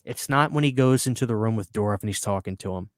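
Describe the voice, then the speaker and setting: A man hosting a podcast and chatting casually, excitable and profane, stumbling over repeated words when he gets worked up. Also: lowish voice, fast talker, no room sound, clean studio sound. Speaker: podcast host. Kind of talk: casual chat.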